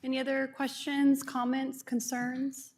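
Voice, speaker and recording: A woman chairing a city council meeting, calling for comments and votes in brisk, formal procedural phrasing. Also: high voice, completely flat delivery, a little mellow.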